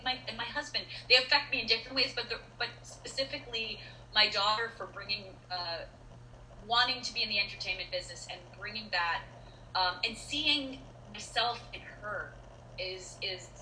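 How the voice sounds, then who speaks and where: A middle-aged actress chatting as an interview guest, telling stories in an animated way with many restarts and fillers. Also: female voice, fairly high pitch, slight background noise. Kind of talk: casual interview chat. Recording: roomy echo.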